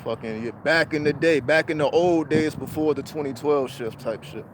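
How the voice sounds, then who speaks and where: A man with a fairly high voice talks on a livestream, swearing freely and using street slang as he tells a personal story. He is outdoors in a city, with faint traffic noise behind him. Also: normal speed. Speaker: livestream host. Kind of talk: casual spiritual talk.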